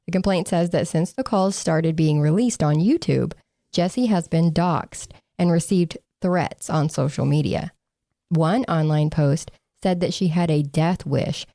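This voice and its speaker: Sarcastic woman podcaster, dry and mellow. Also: fairly low pitch, no room sound. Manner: sarcastic, laughing, mocking quotes. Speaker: podcast co-host. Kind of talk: casual true-crime podcast chat.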